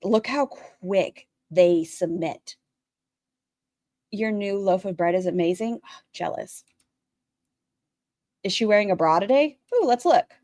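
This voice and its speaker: A woman giving blunt, crude, sarcastic commentary on a livestream she is watching, breaking into high mocking voices. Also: takes it slowly, pauses often, a little mellow, no room sound, studio quality. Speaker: commentary streamer reacting to a livestream. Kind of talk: casual reaction commentary.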